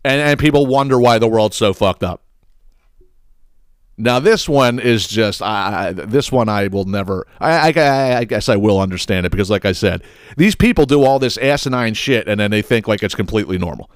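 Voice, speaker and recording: A man's voice: lowish voice, normal speed, clear, resonant tone, no room sound, studio quality. A man hosting a podcast, ranting about viral clips in a sarcastic, blunt and profane way. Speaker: podcast host.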